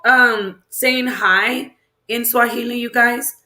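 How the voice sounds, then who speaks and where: A woman's voice: mid-range voice, unhurried, bright, forceful tone. A woman hosting a casual livestream, chatting loosely, reacting to viewer comments and asking them questions aloud. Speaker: livestream host. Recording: roomy echo.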